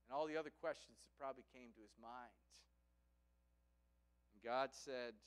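A man's voice: mid-range voice, steady tone, normal speed, long pauses, clean tone. A man preaching a sermon and telling a story, often checking in with a "right?".

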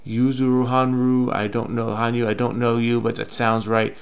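A man's voice: mid-range voice, little pitch movement, moderate pace, creaky. A middle-aged man casually thinking aloud while solving a crossword, hesitant and self-questioning, often trailing off with "I don't know.".

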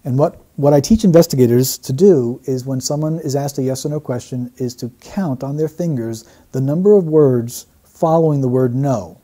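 Breaking down an interview, a male statement analyst explains things in a measured way and returns to key phrases repeatedly. His voice is medium-pitched and mellow.

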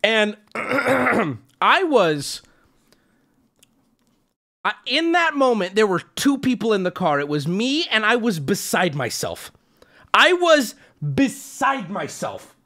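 A young adult man streaming, telling a story to his chat in a casual, swearing way, jumping into high yelps when he quotes himself. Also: sing-song, slow pace, pauses often, sharp tone.

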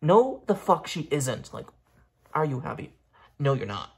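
A man's voice: on the high side, sing-song, unhurried, gravelly. A tired young man from Ontario with a Canadian accent, rambling profanely in a casual vlog. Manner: profane, rambling, swings between outbursts and mumbling. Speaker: vlogger. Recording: echoey room.

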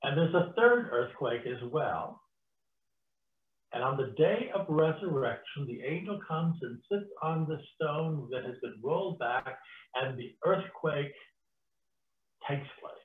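A man teaching an online Bible study as a guest teacher, telling the story in a lively way and acting out the quotes. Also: fairly high pitch, slow pace. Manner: animated storytelling with acted-out quotes. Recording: tinny phone-like audio in an echoey room.

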